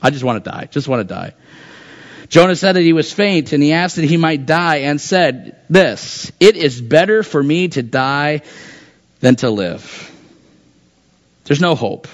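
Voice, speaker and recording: A man's voice: a little high, expressive, unhurried. A pastor preaching a conversational sermon, acting out the voices from the text as he goes. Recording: dull lo-fi sound.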